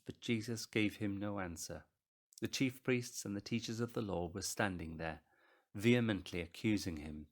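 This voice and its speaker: Low-voiced man reading scripture. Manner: measured, with the crowd's shouts read out loud. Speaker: scripture reader. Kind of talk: reading a Good Friday Bible passage.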